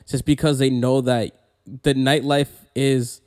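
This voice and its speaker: A man taking part in a casual studio conversation as a fellow DJ. He explains his point earnestly, at an average pitch and steady delivery. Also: measured pace. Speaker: guest DJ.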